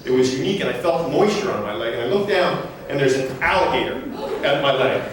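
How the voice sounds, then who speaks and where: A man's voice: medium pitch, animated, quick pace, background noise. A middle-aged man giving a humorous memorial eulogy, telling chatty stories and laughing through them in a large hall. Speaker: eulogy speaker. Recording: echoey hall, voice from far off.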